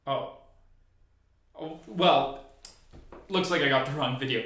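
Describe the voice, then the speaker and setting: A man's voice: mid-range voice, slow, a bit bright, faint music behind. Chatty young man in an echoey room. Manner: chatty, laughs often. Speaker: recap video host. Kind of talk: casual recap commentary.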